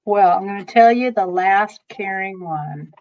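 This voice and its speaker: A woman reader telling an animated story in casual chat, with quick exclamations. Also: medium pitch, highs cut off. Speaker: tarot reader guest.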